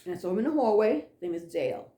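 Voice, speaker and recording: Animated woman telling a ghost story. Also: mid-range voice, rapid-fire, roomy sound. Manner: animated, acts out dialogue, drops to hushed tones. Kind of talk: casual spoken ghost story.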